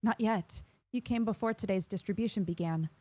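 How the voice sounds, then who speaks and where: A woman's voice: mid-range voice, a little fast, a little mellow, dry recording, voice pushed up, natural voice. A woman voicing an anxious young woman who runs a shelter, reading game dialogue aloud in a fretful, apologetic way.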